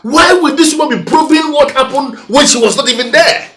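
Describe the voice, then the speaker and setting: An actor playing a furious scheming politician in a film, speaking with a Nigerian accent, loud and agitated. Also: male voice, fairly high pitch, big pitch swings, normal speed, a little hiss or hum. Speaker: kingdom politician. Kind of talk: film acting.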